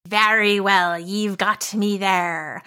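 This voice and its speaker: Woman doing a rhyming leaf monster: slow, gruff, proud, storybook creature. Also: medium pitch, steady tone, pushed and bright. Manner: slow, rhyming, old-fashioned speech.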